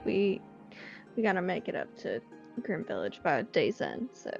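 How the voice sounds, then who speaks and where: A woman's voice: on the low side, sing-song, moderate pace, gravelly, lo-fi sound, faint music behind. A woman speaking in character, stammering politely and addressing others as sir. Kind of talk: in-character role-play.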